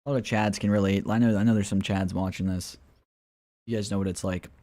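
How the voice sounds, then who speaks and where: A man's voice: lowish voice, fairly even intonation, a little fast, a little mellow. A man running a casual livestream, answering viewers' questions and talking straight to them. He often calls them guys, and at times he slips into a mocking rant with scoffing laughs. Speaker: crypto livestreamer.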